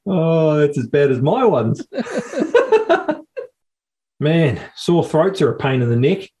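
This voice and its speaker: A man's voice: on the high side, wildly swooping pitch, slow, darkish tone. A man, co-hosting a podcast in playful casual chat. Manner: playful, laughs often. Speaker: podcast co-host.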